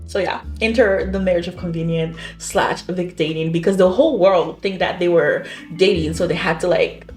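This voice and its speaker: A woman's voice: mid-range voice, darkish tone. A young woman chatting casually at home about books she read, bubbly and rambling, with lots of fillers and laughter. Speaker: book vlogger. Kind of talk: casual book review chat. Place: home, near kitchen. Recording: echoey room.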